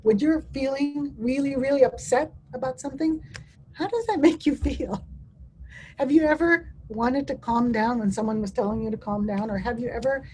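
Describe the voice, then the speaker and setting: A woman's voice: sits high, normal speed, a little mellow, slight background noise, poor audio. A woman presenting a dementia care training webinar over a video call, often speaking in first person as someone living with dementia, with frequent restarts.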